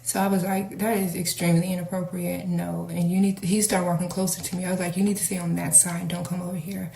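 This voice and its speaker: A woman casually telling a personal story to her viewers, candid and animated as she acts out the dialogue. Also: on the low side, quick pace, creaky. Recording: echoey room, faint noise.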